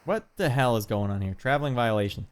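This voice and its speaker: A man's voice: mid-range voice, expressive, fast talker, smooth. A man playing an old basketball video game on stream, commenting casually and grumbling at the controls with wisecracks. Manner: exasperated, wisecracking, swears lightly.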